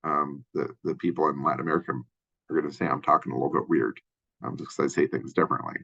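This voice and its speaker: A man from Minnesota with a Minnesotan accent and a deep voice, giving a casual college lecture full of fillers and restarts. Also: steady tone, fast, gravelly, pushed and bright, slightly rough, lo-fi sound. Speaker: college instructor. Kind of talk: lecture overview of a textbook chapter.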